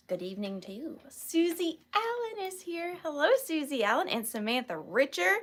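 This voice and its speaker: A woman's voice: high-pitched, sing-song, normal speed, a bit bright. A woman, hosting a casual live sale stream from home, playful and giggly, greeting viewers by name.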